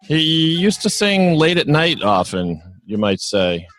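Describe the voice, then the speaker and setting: A man's voice: fairly high pitch, big pitch swings, slow pace, a bit bright. A man hosting a radio chat show, joking and laughing as he runs a quiz game with his guests. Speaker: radio host.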